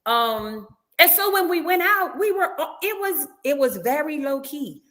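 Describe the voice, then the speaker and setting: Animated woman with a lively voice. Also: sits high, measured pace. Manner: animated storytelling, acting out others' lines. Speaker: reality show cast member guest. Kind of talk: casual interview, recounting events.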